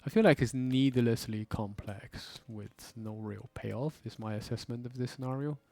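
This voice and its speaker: Gravelly man commenting on a board game. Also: medium pitch, moderate pace, no room sound. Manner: relaxed, chatty, with fillers. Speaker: host.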